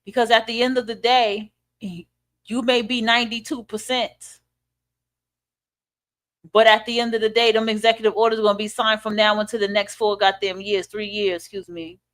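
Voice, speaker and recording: A woman's voice: fairly high pitch, level tone, normal speed, a bit bright. Profane, preachy woman podcast host. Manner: blunt, profane, preachy, with rhetorical questions. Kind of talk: ranting commentary monologue.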